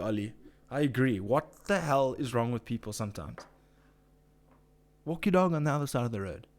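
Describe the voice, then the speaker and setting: A man hosting a casual live chat, ranting with swearing and reading out viewer comments. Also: medium pitch. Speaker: live-stream host.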